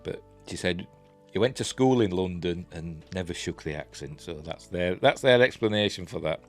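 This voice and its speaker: A man's voice: low-pitched, expressive, moderate pace, soft background music. A man with a Yorkshire accent reviewing a TV episode in a rambling, casual way, full of fillers.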